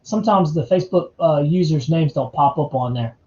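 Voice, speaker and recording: A man's voice: a little high, a little fast, a little mellow, echoey room, highs cut off. A man from North Carolina, hosting a casual live chat, laid-back and chatty and calling his viewers man and dude. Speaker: livestream host.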